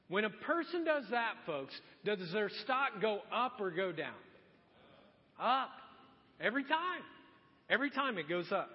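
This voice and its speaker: A man preaching a sermon as pastor, talking to the congregation in a lively, conversational way and acting out quotes. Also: sits high, normal speed. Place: church sanctuary. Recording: muffled sound with long hall reverb.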